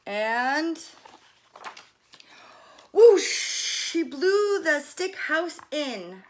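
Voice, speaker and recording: A woman, a fitness coach, reading a children's story aloud gently and pausing softly to describe the pictures. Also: medium pitch, lively intonation.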